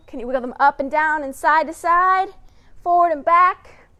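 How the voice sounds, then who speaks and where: With a high-pitched, bright and forceful voice at normal speed, a woman hosts story time for young kids and directs their movement exercises. She keeps it playful and encouraging, speaking straight to them while humming sound effects and laughing between cues.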